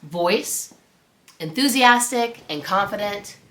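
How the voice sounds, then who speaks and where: An upbeat woman instructor talks straight to the viewer, her pitch swinging widely. Her voice is bright and forward. The recording has a roomy echo. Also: slow pace. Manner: upbeat, animated, addresses viewer directly. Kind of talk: instructional presentation.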